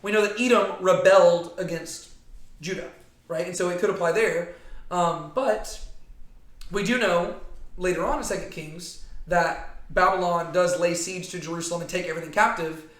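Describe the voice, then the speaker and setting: A man's voice: high-pitched, normal speed, fairly bright tone. A man teaching a casual Bible study to a small group, talking conversationally and often checking in with "right?". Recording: echoey room.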